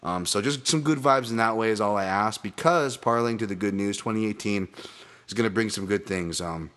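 A man with a somewhat low voice hosts a solo podcast. He talks loosely and rambles from tangent to tangent, swearing casually and often laughing at himself. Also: fairly quick, fairly bright tone. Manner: rambling, profane, self-deprecating, laughs often; many fillers and restarts, tangents. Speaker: podcast host.

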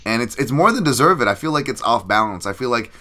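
A man's voice: mid-range voice, animated, quick pace, bright, forceful tone. A man hosting a casual sports podcast, rambling with many fillers and restarts, chatty and self-deprecating. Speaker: podcast host. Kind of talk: casual chat.

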